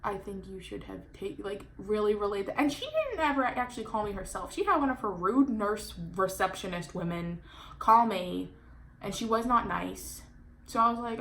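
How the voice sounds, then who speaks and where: Chatty woman in her 20s, storytime vlogger, gravelly voice, faint noise behind. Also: mid-range voice, moderate pace. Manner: chatty, animated, many "like" fillers. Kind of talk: casual storytime vlog.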